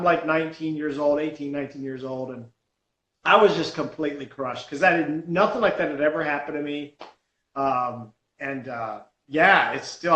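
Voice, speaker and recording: Man, stunt comedian guest, lively self-mocking storyteller, slightly high voice, echoey room. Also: lo-fi sound. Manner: animated storyteller, laughs at himself. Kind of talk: casual storytelling on a podcast call.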